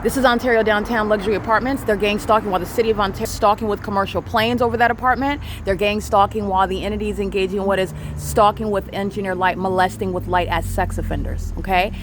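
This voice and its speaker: Rapid, urgent speaker on a night street. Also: mid-range voice, steady tone, background noise. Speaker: self-documenting vlogger. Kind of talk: street narration to camera. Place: city street outdoors at night.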